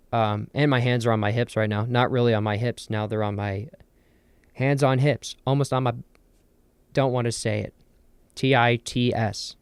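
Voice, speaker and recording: Young jersey guy rambling on his podcast, jokey, smooth voice, dry close mic. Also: mid-range voice, dry recording. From New Jersey. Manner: rambling, jokey and self-deprecating. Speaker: podcast host. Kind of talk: casual solo podcast chat.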